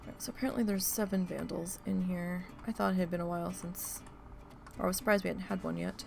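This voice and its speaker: A woman streamer telling a story in a casual, animated, exasperated way, with lots of swearing, while she plays a park-building game. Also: lowish voice, fast, vocal fry, faint music behind.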